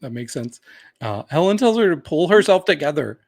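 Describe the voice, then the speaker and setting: A man co-hosting a podcast in casual recap chat, relaxed and chatty. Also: fairly high pitch, normal speed, vocal fry, no echo, clean studio sound. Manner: relaxed, chatty, laughs and hedges with "like" and "um". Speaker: podcast co-host.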